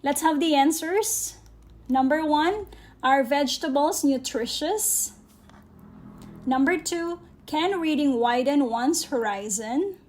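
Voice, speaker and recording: Filipino lady teacher, high pitched, talks real slow, keeps saying okay guys. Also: a little mellow. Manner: slow and deliberate, often checks in with "okay?" and addresses "guys". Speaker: English grammar teacher. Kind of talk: recorded grammar lesson.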